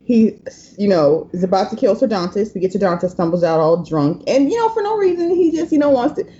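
A woman's voice: mid-range voice, very animated, a little fast, dark tone. A woman hosting a podcast in casual chat, recapping scenes and quoting lines as she goes. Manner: chatty, recaps scenes with quoted lines, laughs easily. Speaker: podcast host. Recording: dull lo-fi podcast audio.

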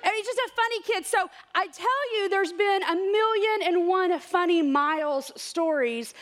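Middle-aged woman, high voice, excited storyteller at church. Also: a little slow. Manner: chatty, excited, laughs often. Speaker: church speaker. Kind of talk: church talk with personal stories.

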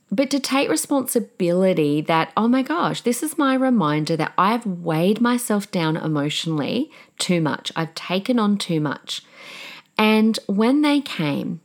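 A middle-aged woman hosting a podcast, talking candidly and emotionally in a casual motivational style, with fillers and restarts. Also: fairly low pitch. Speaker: podcast host.

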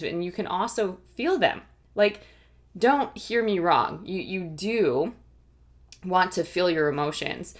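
A woman with a somewhat low voice gives an earnest faith-based teaching talk. She explains step by step and keeps checking in with her listeners with "okay?" and "right?". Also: a bit bright. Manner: earnest, explanatory, occasional restarts. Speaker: Christian teacher and life coach.

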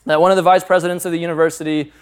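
A man's voice: fairly high pitch, level tone, racing, clean tone. A man in his thirties, a pastor, preaching a sermon through candid, humorous personal stories. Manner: candid, humorous storytelling with frequent laughs.

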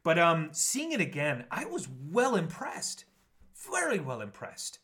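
Animated, laughing male podcast host. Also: fairly high pitch, a little slow. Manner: animated storyteller, laughs often, acts out quotes. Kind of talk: casual chat.

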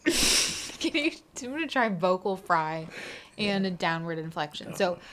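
A woman co-hosting a casual chat, candid and quick to giggle. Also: fairly low pitch, very animated, fairly bright tone, a little hiss or hum.

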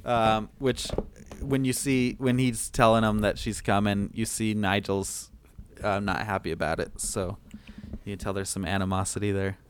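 A man's voice: fairly low pitch, steady tone, moderate pace, a little hiss or hum. A man co-hosting a podcast, casually recapping a film, laughing easily and trailing off with ums. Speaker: podcast co-host.

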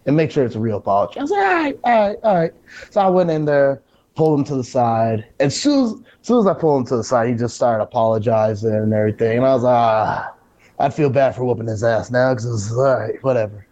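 A man's voice: medium pitch, fast talker. Man wrestler telling stories, dull audio. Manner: animated storyteller, acts out quotes. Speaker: pro wrestler. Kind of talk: casual conversation.

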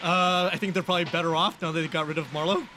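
A man's voice: fairly high pitch, fairly even intonation, very fast, noisy background. A man guesting on a casual hockey podcast, dropping dry, quippy asides.

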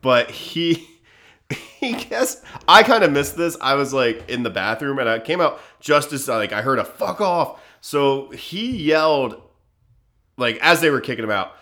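A relaxed man co-hosts a chatty podcast, telling a rambling bar story. His voice sits at an ordinary middle pitch, and he laughs easily and slips into quick impressions of the people in his tale. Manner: laid-back, laughs often, acts out quotes. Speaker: podcast co-host. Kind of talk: casual storytelling chat.

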